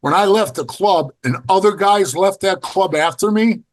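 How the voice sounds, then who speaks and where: A man's voice: sits high, moderate pace. Blunt, profane man telling stories. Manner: blunt, profane, animated storyteller acting out quotes. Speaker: podcast guest, former biker club member. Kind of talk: casual storytelling interview.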